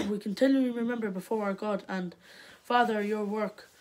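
A woman's voice: medium pitch, fairly even intonation, a little mellow, low-quality recording. A woman in the congregation reading Bible verses aloud, stumbling now and then, and giving short replies. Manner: reads haltingly, brief replies. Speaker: congregation member.

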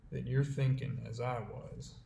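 A man's voice: medium pitch, steady tone, unhurried, creaky, dark tone, slight background noise. A man reading the part of Henry, a practical frontiersman who answers in short, dry, blunt dialect. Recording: roomy echo.

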